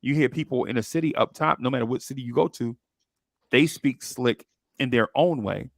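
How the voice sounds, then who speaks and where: Gravelly dude rambling on a podcast, dry close sound, keeps restarting words. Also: male voice, mid-range voice, fairly quick, dry recording. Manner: rambling, repeats words while thinking. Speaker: podcast co-host. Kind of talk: casual chat.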